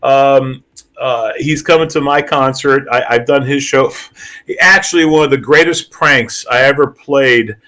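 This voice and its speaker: A man's voice: medium pitch, a little slow, bright, forceful tone. A man, a comedian hosting a casual chat show, telling stories animatedly and laughing often.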